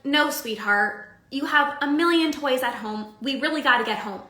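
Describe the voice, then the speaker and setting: A woman voicing a weary, embarrassed mother hushing her child in a store, pleading and tired. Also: sits high, normal speed, reverberant.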